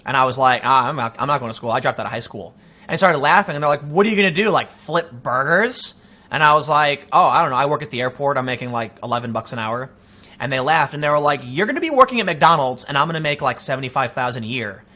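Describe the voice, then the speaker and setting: Bright-voiced man ranting casually. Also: mid-range voice, fast talker. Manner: animated, storytelling with quoted asides and restarts. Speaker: political commentator host. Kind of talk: casual opinion monologue.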